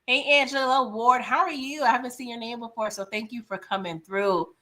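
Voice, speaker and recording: A woman hosting a casual live-stream TV recap, animated and laughing as she talks back to the characters. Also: on the high side, fairly quick. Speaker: TV recap host.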